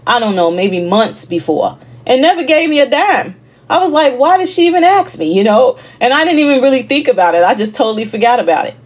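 Middle-aged woman, online ministry host, emphatic conversational testimony, emotional delivery. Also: mid-range voice. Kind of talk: personal testimony.

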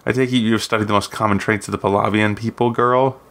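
Cold smooth-talking governor woman, voiced by a man, storybook reading, gravelly low voice. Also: fairly even intonation, quick pace, a bit bright. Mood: probing. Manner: smooth, coolly formal.

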